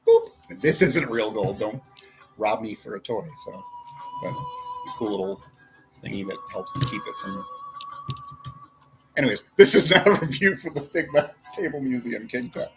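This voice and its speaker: A man's voice: mid-range voice, huge pitch swings, normal speed, long pauses, music in the background, low-quality recording. A man reviewing toy figures in a rambling, casual way, often breaking off to talk to himself as he poses them. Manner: rambling, self-interrupting, talks to himself while posing figures. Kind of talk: casual chat.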